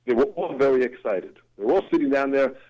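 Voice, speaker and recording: An ebullient man spinning a story as an interview guest, his voice leaping up and dropping low as he builds the drama. His pitch sits at a middle height for a man, and he leans hard into each turn of the tale. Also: animated, fast talker, a little mellow, muffled recording. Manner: ebullient, dramatic vocal swings. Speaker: guest drummer and motivational speaker.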